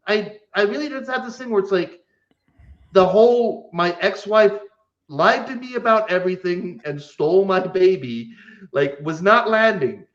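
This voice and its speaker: Blunt profane man, lo-fi sound. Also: high voice. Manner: blunt, profane storytelling with acted-out quotes. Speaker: podcast co-host. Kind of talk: casual chat.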